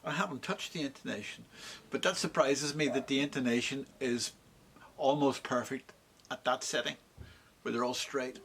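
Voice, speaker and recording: A man working as a luthier, casually walking through a guitar repair in an easygoing, rambling way with frequent pauses. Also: medium pitch, fairly bright tone, slight background noise. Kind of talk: casual workshop walkthrough. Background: electric guitar playing.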